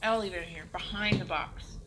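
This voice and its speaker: A woman's voice: medium pitch, brisk. A woman playing a tabletop game, chatting playfully and cursing now and then. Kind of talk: casual game-table chat. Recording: noticeable background noise.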